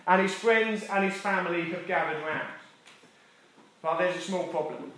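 Essex guy preaching in a church, kinda high voice, jokes then goes all soft and quiet, echoey room. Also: normal speed, slight background noise. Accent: Essex English. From Essex, England. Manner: animated, jokey, drops to soft intimate delivery for emphasis. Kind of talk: sermon.

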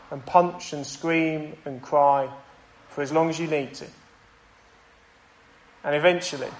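A young man preaching a sermon and praying, earnest and conversational, with pauses and small restarts. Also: a little high, rough recording. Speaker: pastor. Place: church.

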